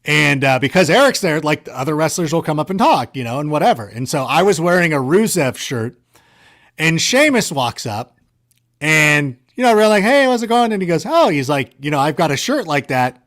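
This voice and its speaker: A man tells stories as an interview guest, his fairly high voice rambling and doubling back on itself. He talks in an animated, self-correcting way, with sarcastic banter woven in. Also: moderate pace. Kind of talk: casual storytelling.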